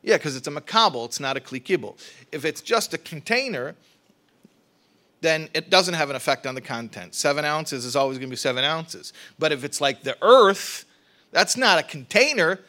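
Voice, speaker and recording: A man teaching a religious study class, explaining ideas with rhetorical questions, quick restarts and repeated words. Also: fairly high pitch, animated, pushed and bright.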